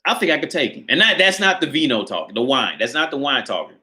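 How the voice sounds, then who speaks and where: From a small apartment, a livestream host tells a casual, profane story punctuated by laughs, filmed on a camera or phone carried by hand. He speaks at medium pitch, animated and quick, with a pushed, bright tone and slight background noise.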